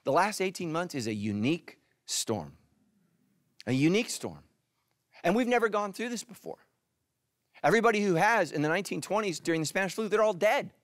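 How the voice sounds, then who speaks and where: A middle-aged male pastor preaching a sermon, animated, swinging from loud emphatic peaks to hushed, quiet lines. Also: sits high, a little fast, long pauses, no room sound, clean studio sound. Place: church stage.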